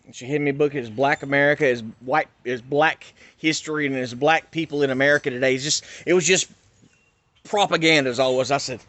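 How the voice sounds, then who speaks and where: A middle-aged man from North Carolina, telling a personal story in an animated, emphatic rant. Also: medium pitch, fast talker, no room sound. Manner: animated, emphatic, swings between loud and hushed. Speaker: YouTuber.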